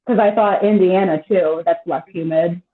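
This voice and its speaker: Speaking at a normal speed in a lowish voice with fairly even intonation, this thirty-something woman rambles through a casual live-stream chat. She swears freely and fills her speech with "like," and the sound is thin and phone-like.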